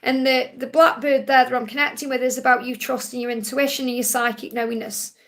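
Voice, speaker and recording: A woman from England with a Stoke-on-Trent accent and a fairly high voice hosts a live stream, answering viewers' questions through card readings. She speaks gently and reassuringly in a level tone at a brisk pace, repeating her key phrases.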